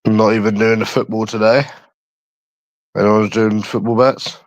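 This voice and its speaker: A man's voice: on the low side, flat delivery, moderate pace, no room sound. A young man from London chatting on a livestream, crude, taunting and repeating himself as he answers viewers. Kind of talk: casual chat answering viewers.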